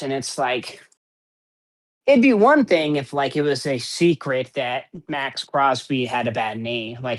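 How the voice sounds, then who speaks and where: A man co-hosting a casual sports podcast, rambling and opinionated with plenty of swearing. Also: medium pitch. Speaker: podcast co-host.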